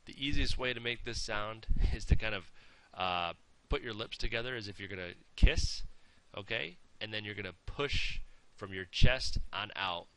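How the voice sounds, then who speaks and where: A man's voice: on the low side, normal speed, few pauses, bright, forceful tone, smooth. A man teaching pronunciation, patiently overemphasizing each sound in his demonstrations and checking in with "okay?" as he goes. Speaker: language teacher. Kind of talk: pronunciation lesson.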